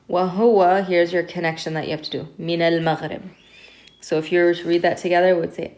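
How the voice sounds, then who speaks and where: A woman teaching an Arabic reading lesson, explaining step by step and sounding out words slowly and carefully. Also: fairly low pitch, darkish tone. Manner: patient, step-by-step explaining with slow, careful pronunciation drills.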